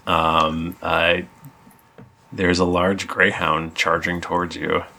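A man running a tabletop game as game master, narrating in a halting way with many fillers. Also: low-pitched, flat delivery, creaky, sharp tone.

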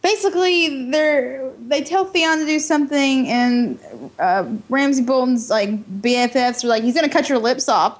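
A woman co-hosts a casual podcast chat. She is lively and laughs often. Her voice sits high. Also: moderate pace.

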